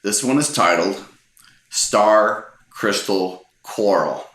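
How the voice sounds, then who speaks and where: A man in his forties casually telling a funny personal story, relaxed and amused, often restarting his sentences. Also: lowish voice, slow. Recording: roomy echo.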